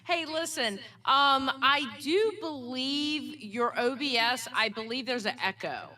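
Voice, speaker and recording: A woman's voice: high-pitched, a little slow, sharp tone. A woman calling into a casual chat, teasing and playful.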